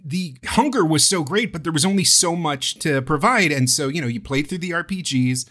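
A male podcast host in casual, rambling chat, animated and loose, with the odd swear. His voice sits a bit high for a man. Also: a little fast.

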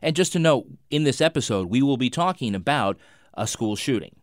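A man's voice: medium pitch, expressive, brisk, dry recording, clean studio sound. A man hosting a podcast, asking teasing questions and joking with his guests. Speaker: podcast host. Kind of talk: casual chat.

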